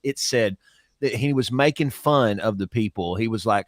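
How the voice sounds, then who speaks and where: A man's voice: mid-range voice, moderate pace, no echo, clean studio sound. A man co-hosting a casual podcast chat, ranting bluntly and swearing often. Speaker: podcast co-host.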